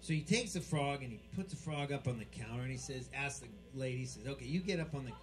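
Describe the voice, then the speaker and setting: A man's voice: medium pitch, animated, fast talker, soft background music. A man telling crude jokes on stage at a bar, rambling, restarting and bickering with the crowd. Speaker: stand-up comic at a bar show. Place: bar with live band setup.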